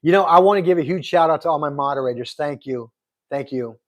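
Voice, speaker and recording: A middle-aged man runs a relaxed live broadcast, reading out viewer comments and thanking each person by name. His voice sits a little high for a man, and his talk is casual and warm. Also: fast talker. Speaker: livestream host. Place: Arizona.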